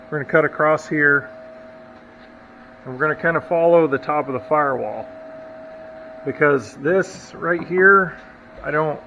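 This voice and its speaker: Casting: talkative, self-deprecating man, slightly higher voice, muffled shop recording with faint noise. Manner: chatty, self-deprecating, thinks out loud. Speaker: hot rod builder and channel host. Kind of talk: casual shop vlog narration. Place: home workshop, hot day.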